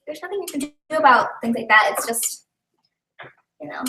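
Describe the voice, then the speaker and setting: A woman's voice: high-pitched, animated, normal speed, pushed and bright, a little hiss or hum. A young woman chatting casually on a live stream, rambling and giggly with lots of fillers, recorded at home. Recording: echoey room, a bit far from the mic.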